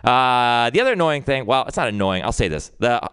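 A young man doing a rambling, self-deprecating open mic stand-up set, jumping up in pitch for punchlines. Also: sing-song, brisk, a bit bright, smooth, no room sound, clean studio sound. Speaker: stand-up comedian.

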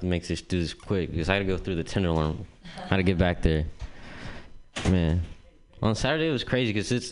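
A man's voice: deep voice, slight background noise. A young man doing stand-up, telling a rambling, profane story full of "like" and "dude". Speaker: stand-up comedian. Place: comedy club stage.

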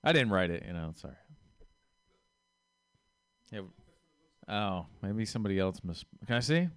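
A man's voice: on the low side, expressive, moderate pace, fairly bright tone, clean tone, no echo. A man telling wry stand-up stories in a dry, conversational way. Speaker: stand-up comedian. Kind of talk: stand-up storytelling.

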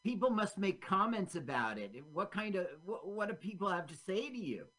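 A male radio host asks his guest questions in a friendly, encouraging manner. He keeps the talk moving with quick affirmations, and his pitch rises and falls freely. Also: big pitch swings, fairly bright tone. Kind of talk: casual interview.

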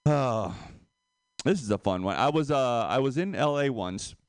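A man doing stand-up, with a lively voice that swings up and down as he tells his jokes and laughs along with them. The sound is dry and close, with little room around it. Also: medium pitch, a little slow, no echo. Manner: animated, laughs at own jokes. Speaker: stand-up comedian. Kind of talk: stand-up comedy set.

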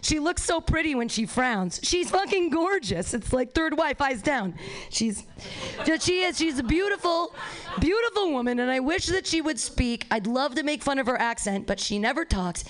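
A woman's voice: high-pitched, lively intonation, normal speed. Profane, rambling stand-up woman. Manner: rambling, profane, self-mocking, laughs at own jokes. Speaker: stand-up comedian. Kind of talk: stand-up comedy set. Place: small live venue with an audience.

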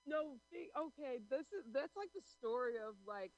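A woman co-hosting a casual talk show, speaking emphatically with halting restarts. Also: high voice, animated, darkish tone, dry recording, dull audio. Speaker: podcast co-host. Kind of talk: casual chat.

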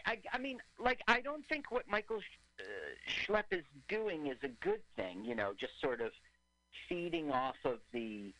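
Male co-host, animated and opinionated, bright voice, loose movie-riffing banter. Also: high-pitched, low-quality recording. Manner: animated, opinionated, laughs often. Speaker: podcast co-host. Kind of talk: casual movie riffing chat.

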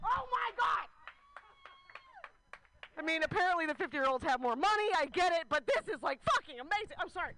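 Bright, high-voiced woman comic. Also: sing-song, brisk, long pauses, slight background noise. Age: 30s. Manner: candid, rambling storytelling with laughter. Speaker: stand-up comedian. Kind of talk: stand-up comedy set.

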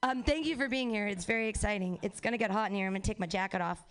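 A woman's voice: mid-range voice, rapid-fire, slight background noise. A woman hosting a comedy show from a club stage on a handheld mic, rambling and giggly, often cutting herself off mid-sentence. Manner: rambling, giggly, self-interrupting. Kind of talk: stand-up emcee banter.

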